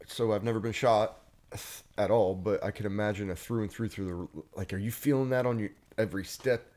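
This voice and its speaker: A man's voice: fairly low pitch, a little fast, darkish tone. A man hosting a podcast in a casual interview, asking curious, blunt questions. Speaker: podcast host.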